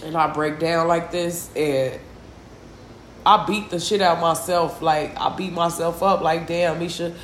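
A distressed, tearful woman hosting a solo confessional podcast, venting slowly and heavily with sighs and a lot of swearing. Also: deep voice, steady tone, roomy sound, slight background noise. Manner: slow, heavy, profane venting with sighs. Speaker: podcast host.

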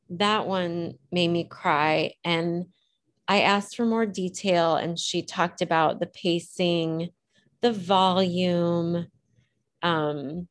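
A woman being interviewed, telling a personal story in a reflective, hesitant way, choosing her words with care. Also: on the low side. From Illinois. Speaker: interview guest.

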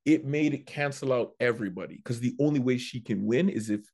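A man, a comedian, telling a story in a casual chat, animated and prone to restarting his sentences. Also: mid-range voice, fairly quick. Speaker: comedian guest.

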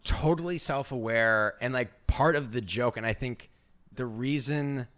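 A man's voice: medium pitch, measured pace, a bit bright. A young man hosting a podcast, chatting casually and rambling with constant "like" fillers. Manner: rambling, fills every phrase with "like". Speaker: podcast host. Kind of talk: casual chat.

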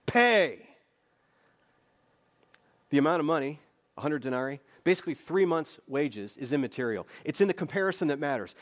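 A man with a slightly high voice preaches a sermon as a pastor, earnest and emphatic, repeating phrases and posing conversational rhetorical questions.

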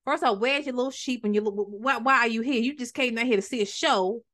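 A woman's voice: on the high side, quick pace, a bit bright, lightly acted. A woman doing a scornful, jealous older brother. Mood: accusing.

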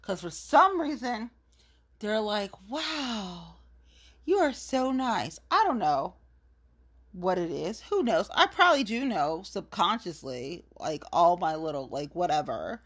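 A woman's voice: on the low side, sing-song, measured pace, a bit bright. A woman in a casual monologue rant, blunt, profane and gossipy, telling her side of a story.

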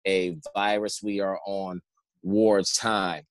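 A man's voice: low-pitched, level tone, takes it slowly, no echo. A man in casual conversation who rambles and often asks "you know what I'm saying". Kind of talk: casual chat.

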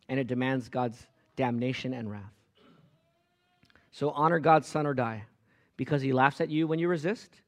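A man preaching a sermon as pastor, emphatic, swinging from loud rises to quiet drops. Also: mid-range voice. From Los Angeles area.

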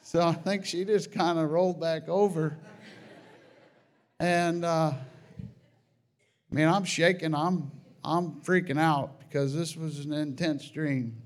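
Man, slightly high voice, earnest halting testimony with emotional peaks. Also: fairly even intonation. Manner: earnest, halting storytelling with many restarts. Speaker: Christian sharing a testimony. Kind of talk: personal testimony.

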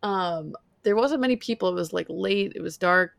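A woman with a low, gravelly voice chats on a podcast. She tells stories in a loose way, full of "um" and "like". The recording is dry and close. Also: moderate pace, no echo. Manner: chatty storyteller, filler-heavy. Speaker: podcast co-host. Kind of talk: casual chat.

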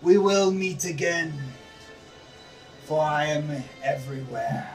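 Ancient vampire lord voiced by a man, cold and slow, heard from a distance over faint music. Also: a little high. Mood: menacing. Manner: slow, measured, threatening.

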